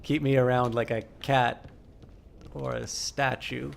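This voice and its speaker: Gravelly-voiced man streaming a game. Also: mid-range voice, flat delivery, unhurried, a little hiss or hum. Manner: chatty, swings into loud frustrated outbursts. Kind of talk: live gameplay commentary.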